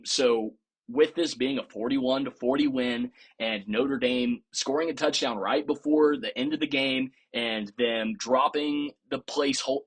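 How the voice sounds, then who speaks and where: A man's voice: mid-range voice, breathy edge. A man hosting a podcast, giving casual, opinionated sports commentary with a playfully sarcastic edge. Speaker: podcast host.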